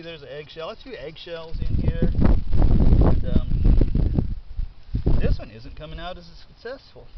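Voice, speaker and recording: Chatty man digging in his garden. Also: fairly high pitch. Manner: chatty, thinks aloud, delighted exclamations. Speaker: home gardener. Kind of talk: casual narration while digging up potatoes. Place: backyard garden outdoors. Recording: dull lo-fi sound with steady background noise.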